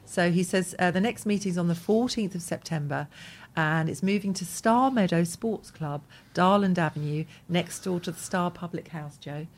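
A woman's voice: on the low side, normal speed. Giggly woman radio co-host. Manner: giggly, chatty, reads out messages. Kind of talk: casual radio chat.

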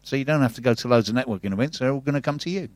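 A man's voice: medium pitch, rapid-fire. A man hosting a business radio show, chatting and reading out an event plug with upbeat enthusiasm. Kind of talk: casual radio chat and read-out announcements. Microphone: studio mic.

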